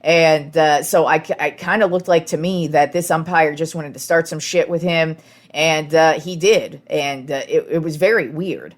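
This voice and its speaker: Low-voiced woman hosting sports talk. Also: moderate pace. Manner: frank and opinionated, many filler words. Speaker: sports podcast host.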